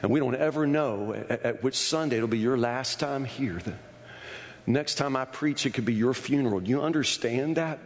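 A male pastor preaching a sermon in a church, stammering through restarts and building to shouts. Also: mid-range voice, normal speed. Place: church sanctuary. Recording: long hall reverb.

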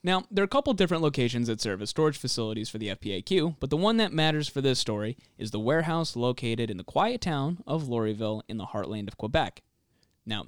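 A man co-hosting a casual podcast, reading prepared facts in an even, steady way and swearing now and then. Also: medium pitch, smooth, no room sound, clean studio sound. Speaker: podcast co-host presenting the story. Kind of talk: casual podcast chat, reading researched notes.

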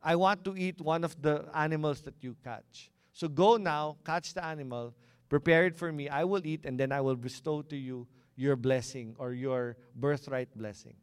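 A man's voice: on the high side, moderate pace, clean tone, no room sound, clean studio sound, natural voice. A pastor acting as an old dying father. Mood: solemn.

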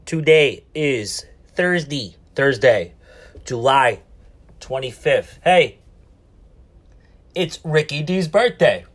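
A man's voice: on the high side, lively intonation, slow, long pauses. A man hosting a casual solo podcast from a cruise ship, rambling, swearing and poking fun at himself. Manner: rambling, profane, self-mocking. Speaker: podcast host. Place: cabin aboard a cruise ship.

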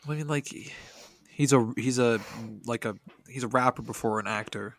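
A young man co-hosting a casual podcast, excitable and quick to react and joke. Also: medium pitch. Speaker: podcast co-host.

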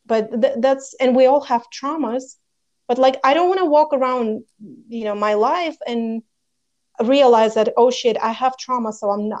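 High-voiced woman, Russian native speaker. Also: darkish tone, muffled recording. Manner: earnest, acts out quoted voices, frequent fillers. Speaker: podcast co-host. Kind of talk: casual conversation.

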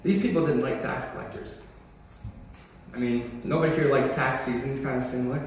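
A man's voice: mid-range voice, a little fast, slight background noise. A young adult man preaching a sermon in a casual, joking way that builds to emphatic declarations. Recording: echoey hall, voice from far off.

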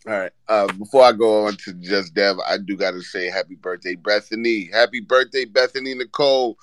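A man's voice: on the low side, a little fast, few pauses, rough recording. A man hosting a casual sports podcast, talking loosely with lots of restarts and swearing. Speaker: podcast host.

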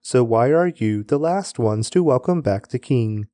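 A man's voice: mid-range voice, lively intonation, unhurried, warm tone, no room sound, natural voice. A man reading as a commanding ancient king. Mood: firm. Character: returning king, commanding but gracious.

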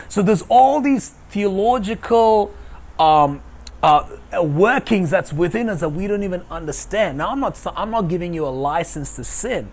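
A man's voice: high voice, animated, brisk, a little hiss or hum. Emphatic male pastor preaching online. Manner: emphatic, repeats key phrases. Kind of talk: online sermon. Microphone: video call.

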